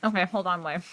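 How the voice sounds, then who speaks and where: A woman's voice: on the low side, a bit bright. A woman streamer chatting casually and playfully with her live audience. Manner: playful, talks to chat while eating.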